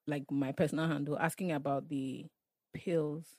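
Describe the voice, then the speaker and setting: A woman's voice: low voice, fairly even intonation, normal speed, dark tone, dry recording, clean studio sound. A woman co-hosting a podcast, chatting casually, giggling and often trailing off mid-sentence. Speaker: podcast co-host. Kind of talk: casual chat.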